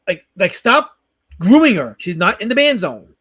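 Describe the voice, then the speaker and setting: A man's voice: high-pitched, sing-song, a bit bright, breathy edge. A man hosting a livestream in casual banter, ranting in mock outrage and answering the chat. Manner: indignant, mock-outraged rants; fast, restless, talks back to chat. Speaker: livestream host.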